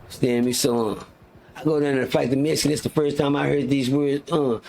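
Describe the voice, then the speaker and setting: A man hosting a live talk show, telling a jail story in casual, profane slang and acting out the people he quotes in a high, loud voice. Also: fairly even intonation, quick pace, creaky, slight background noise.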